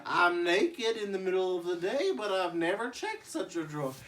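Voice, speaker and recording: A man's voice: sits high, very animated, normal speed, a bit bright, roomy sound, far from the mic. A man voicing a dim, goofy cartoon father who is oblivious to everything. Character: dim clueless cartoon dad Drew.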